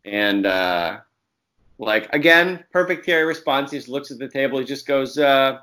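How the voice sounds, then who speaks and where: A man telling stories as a guest in a casual chat, animated and profane, acting out quotes between bursts of laughter. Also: mid-range voice, moderate pace. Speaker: guest comics writer.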